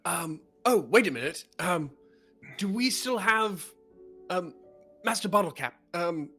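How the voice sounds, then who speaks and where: A man playing a tabletop game, casually joking and swearing in halting speech. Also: high-pitched, expressive, sharp tone, breathy edge, soft background music. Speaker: player.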